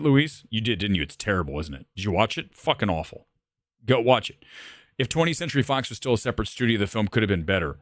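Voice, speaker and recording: Male livestream host, swings his pitch hard, bluntly profane film critic, close and dry sound. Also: fairly bright tone, dry recording. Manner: combative, profane, self-assured ranting. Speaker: movie review livestream host. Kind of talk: ranting livestream commentary.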